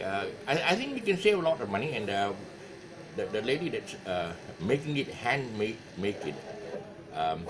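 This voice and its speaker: A man's voice: lowish voice, low-quality recording. A man with a Malaysian English accent, teaching guitar in a casual, rambling way with many fillers and restarts. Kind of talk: casual video lesson talk. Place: his music shop.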